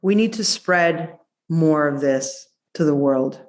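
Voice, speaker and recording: A woman doctor, a guest on a podcast, talking in an effusive, playful way, quick in places and drawn out in others. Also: low-pitched, expressive, darkish tone. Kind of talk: casual interview chat.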